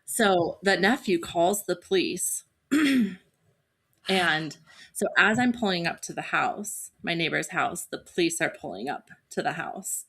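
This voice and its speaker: A woman in her thirties with a fairly low voice tells a family story in animated style. She slips into quick character voices for the people in the tale. Her delivery is casual and chatty. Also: husky. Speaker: podcast host. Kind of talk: casual chat.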